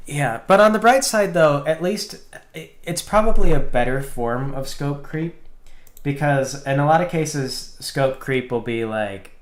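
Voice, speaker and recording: A man's voice: fairly high pitch, measured pace. Rambling man in a roomy echo. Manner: rambling, filler-heavy, animated storytelling. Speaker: solo indie game developer streaming. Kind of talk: casual live-stream chat.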